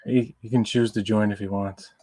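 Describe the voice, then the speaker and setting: Low-voiced laid-back man commenting. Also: normal speed, no room sound. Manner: relaxed, reads lines from the show aloud. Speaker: podcast co-host. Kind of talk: casual fan commentary.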